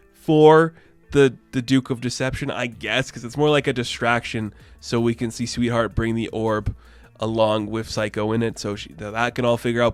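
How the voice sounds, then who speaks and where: A man's voice: medium pitch, no echo. A young man giving a casual, enthusiastic and rambling video review as the channel host. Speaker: comic book reviewer.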